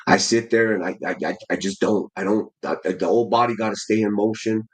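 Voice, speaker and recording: A man's voice: fairly low pitch, steady tone, brisk, husky, poor audio. A man in his forties telling his story in a casual interview, slangy and full of restarts, calling the host "bro" again and again. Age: 40s. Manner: slangy, keeps saying "bro", many restarts. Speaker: amateur heavyweight boxer, guest.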